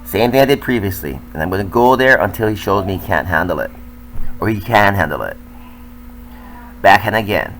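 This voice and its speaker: A man's voice: lowish voice, lively intonation, brisk, long pauses, fairly bright tone, a little hiss or hum, low-quality recording. An older man, a tennis coach, talking candidly and self-critically as he comments over footage of his own match.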